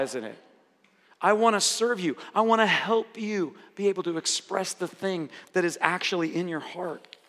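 A man preaching a sermon as pastor, animated and acting out quoted conversations. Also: sits high. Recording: long hall reverb.

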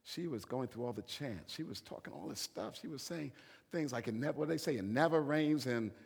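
A man preaching a sermon as a bishop, telling a story and swinging between hushed whispers and loud, emphatic preaching. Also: mid-range voice, lively intonation, brisk, vocal fry, slightly rough, big-room sound.

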